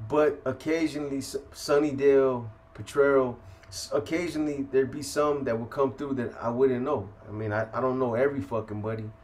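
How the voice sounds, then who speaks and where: A man's voice: mid-range voice, fairly even intonation, fairly quick, few pauses, darkish tone. A man from San Francisco telling a prison story in casual, profane street slang, full of "you know" and "man". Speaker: host telling prison stories.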